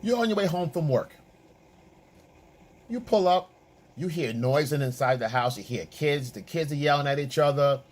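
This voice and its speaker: Lecturing with heavy emphasis and repetition, a man who coaches people on dating and relationships offers his opinions in a voice on the high side.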